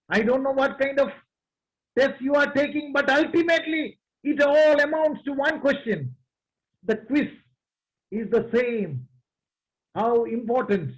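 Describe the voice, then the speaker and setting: Slow, high-voiced preacher. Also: male voice, poor audio. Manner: slow, emphatic, addresses the congregation. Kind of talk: sermon.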